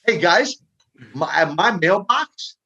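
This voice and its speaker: An older man, a guest on an interview show, telling lively stories and often repeating his words as he goes. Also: high-pitched, slow, husky. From Minneapolis, US Midwest. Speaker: guest, retired pro wrestler. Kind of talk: casual storytelling interview. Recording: dull lo-fi audio.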